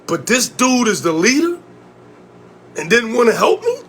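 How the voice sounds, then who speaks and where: High-pitched connecticut guy going off on camera, cussing, keeps asking remember that, remember that. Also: very animated, moderate pace, fairly bright tone, a little hiss or hum. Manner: confrontational, profane, hammering repeated questions. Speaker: vlogger and community organizer. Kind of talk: heated direct-to-camera rant.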